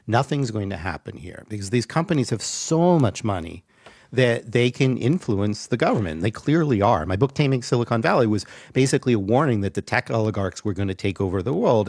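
Low-voiced emphatic man debating. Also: darkish tone, no room sound, studio quality. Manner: emphatic, argumentative, with frequent ums. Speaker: guest expert. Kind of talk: panel discussion.

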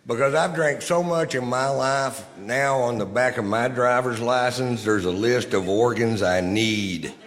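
A man doing stand-up, delivering dry, quick one-liners. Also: medium pitch, a bit bright, in a large hall, slight background noise. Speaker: stand-up comedian.

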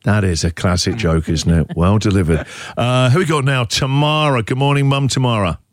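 A man hosting a morning radio call-in show, playful and teasing, quick to laugh. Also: medium pitch, no room sound, studio quality. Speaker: radio host. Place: radio studio.

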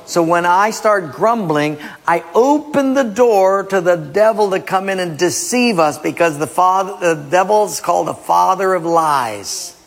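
A man preaching a sermon in an animated way, quoting scripture and acting out small scenes. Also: high voice, unhurried, creaky, hardly any pauses. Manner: animated, acts out voices, quotes scripture. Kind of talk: sermon with acted skits. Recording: long reverb of a large hall.

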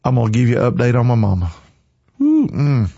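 A man's voice: mid-range voice, wildly swooping pitch, a little fast, creaky, dark tone, breathy edge, dry recording. A man giving an emotional, preachy faith talk on a livestream, with a slightly dull lo-fi sound.

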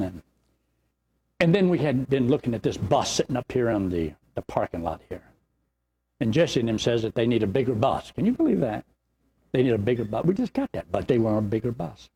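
Folksy older pastor, husky. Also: male voice, mid-range voice. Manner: folksy, rambling, animated storytelling. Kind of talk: sermon with storytelling.

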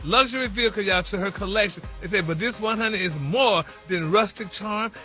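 A man's voice: sits high, brisk, sharp tone, soft background music. A man reporting celebrity news on a radio show in a sassy, gossipy way, calling listeners "honey" and "y'all" constantly. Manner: sprinkles "honey" and "y'all" through every sentence; sassy, chatty.

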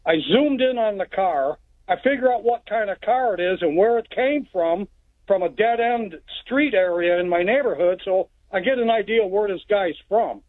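A man's voice: sits high, lively intonation, normal speed, no echo. A man calling in from Texas, telling a story in a plainspoken, rambling way. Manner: plainspoken, rambling narration with restarts. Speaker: caller. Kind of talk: phone-in storytelling. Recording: tinny phone line.

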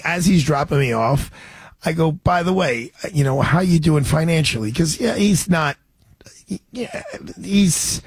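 A man's voice: fairly high pitch, breathy edge, dry recording. A man in his sixties hosting a radio talk show, telling a rambling story with restarts and chuckles.

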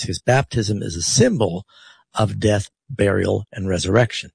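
A man's voice: on the low side, normal speed, creaky, a little mellow, breathy edge, dry recording. A man hosting a radio call-in show, explaining Bible verses with strong rhetorical emphasis. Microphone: studio radio mic.

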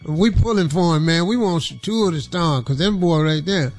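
A man voicing a smooth-talking, laid-back old-school pimp in a comedy radio bit, slangy and chuckling. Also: on the high side, normal speed, faint music behind. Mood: boastful. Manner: slangy, drawled, chuckling often. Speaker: comedy character on radio show.

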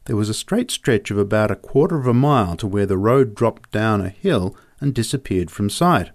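Low-voiced man reading a story. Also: lively intonation, moderate pace. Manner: vivid, descriptive reading. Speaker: narrator. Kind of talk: storybook narration.

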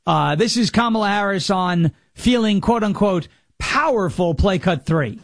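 A man's voice: sits high, lively intonation, unhurried, vocal fry, no room sound, clean studio sound. A man hosting a talk show, mocking and sarcastic as he comments on played clips.

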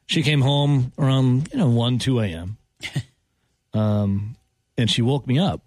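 A man, hosting a sports talk show and telling stories with lively acted-out quotes and frequent laughter. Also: mid-range voice, measured pace, no room sound. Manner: animated storyteller, acts out quotes, laughs often. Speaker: radio host. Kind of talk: casual sports talk banter.

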